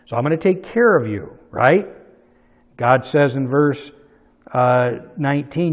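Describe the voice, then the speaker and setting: A man preaching a sermon, swinging from soft asides to loud, emphatic peaks as he retells a story. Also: mid-range voice, unhurried, in a large hall. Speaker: pastor.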